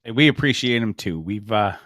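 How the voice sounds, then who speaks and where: A man's voice: on the low side, expressive, a little fast, a bit bright, dry recording. A man co-hosting a podcast, chatting casually in an upbeat, joking way. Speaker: podcast co-host. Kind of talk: casual chat.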